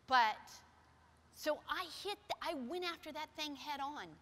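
In a church sanctuary, a middle-aged woman pastor preaches at a moderate pace in a high-pitched voice, weaving in personal stories. She moves between soft, quiet passages and loud, emphatic ones, with long hall reverb in the recording.

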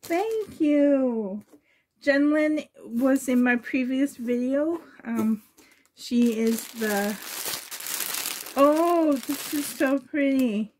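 Slow, gushing high-voiced woman. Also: darkish tone, a little hiss or hum. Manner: gushing, breathy exclamations, slow and drawn out. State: emotional, shaky. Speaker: reborn doll collector vlogger. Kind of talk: unboxing vlog.

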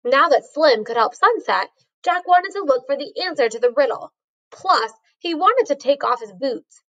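A woman's voice: high voice, animated, moderate pace, a bit bright, muffled recording. A woman reading a storybook aloud, carefully, with a few small slips. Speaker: reader.

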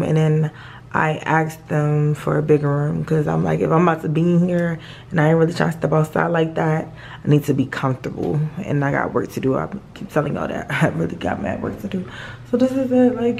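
A woman's voice: lowish voice, creaky, darkish tone, slight background noise. A young woman in her twenties vlogging to camera in casual slang, swearing freely. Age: 20s. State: mouth numb and swollen, talking stiffly. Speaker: travel vlogger.

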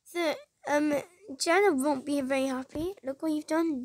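A woman's voice: high-pitched, fairly even intonation, unhurried, dry recording. A woman hosting a reaction video, talking in a dramatic, exclaiming and outraged way. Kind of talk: reaction commentary. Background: music playing.

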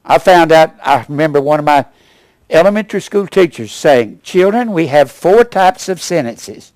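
An older male pastor in his seventies delivers a sermon with a wide-swinging, animated voice. He punches key words loudly, then drops to low, quiet asides. The sound is close and dry. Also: normal speed, no echo. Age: 70s. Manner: emphatic preaching, rising to loud punches then dropping low.

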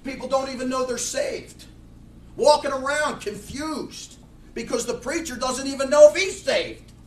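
A man's voice: very high voice, unhurried. A middle-aged man preaching a blunt, fiery sermon with many restarts. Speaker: pastor. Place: church sanctuary. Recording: echoey room, mic far off.

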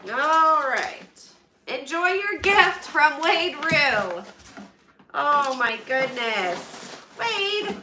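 High-pitched lady gushing and thanking folks on a live stream, sounds kinda far off in an echoey room. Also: very animated, very slow. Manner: gushing, emotional, thanks viewers often. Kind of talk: casual live-stream chat while unboxing donations. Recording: roomy, far from the mic, noisy.

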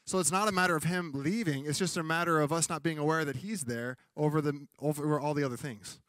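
A man's voice: fairly high pitch, fast talker, a bit bright, no echo. Conversational preacher man, light dry voice. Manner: conversational preaching with comic acted-out quotes. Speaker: pastor. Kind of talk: sermon. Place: church.

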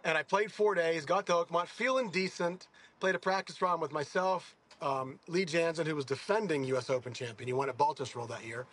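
This golfer, in his sixties, has a fairly high, slightly rough voice and talks a bit fast. Chatting in a casual interview, he tells meandering, animated stories and fixes his own words mid-thought.

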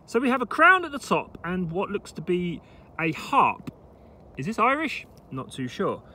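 Male vlogger, outdoors, lively swinging pitch, excitable, faint field noise. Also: normal speed. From England. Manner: chatty, excitable over finds. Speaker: metal detecting vlogger. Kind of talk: casual vlog commentary.

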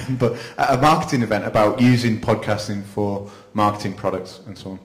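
A low-pitched man addresses a live audience in a casual, self-deprecating way. Laughs break into his talk now and then. The room gives the voice a noticeable echo. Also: moderate pace. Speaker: panel speaker. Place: event venue, indoors. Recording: echoey room.

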